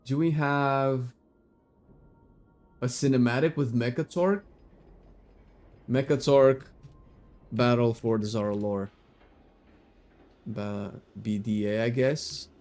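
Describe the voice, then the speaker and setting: A man chatting casually as a gaming streamer, rambling and excitable, swearing loosely and breaking into sudden shouts. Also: mid-range voice, slow, pauses often, faint music behind.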